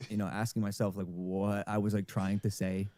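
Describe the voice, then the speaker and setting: A man speaking hesitantly on a stream, pausing often with fillers as he reads out his thoughts. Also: fairly low pitch, little pitch movement, warm tone, no echo. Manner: halting, hesitant, many fillers. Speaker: stream guest.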